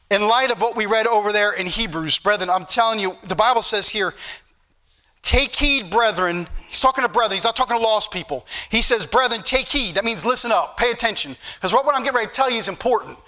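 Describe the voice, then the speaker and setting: A man preaching, his voice high and bright as he exhorts his church. He repeats scripture references over and over and pushes his points in emphatic rising bursts. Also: expressive, fast. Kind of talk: sermon.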